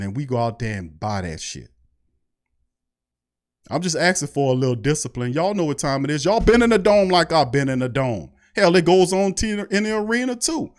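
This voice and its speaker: Fired-up New man ranting. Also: on the high side. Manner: fired-up, preachy, profane, mocking imitations. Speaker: sports podcast host. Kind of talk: heated fan rant.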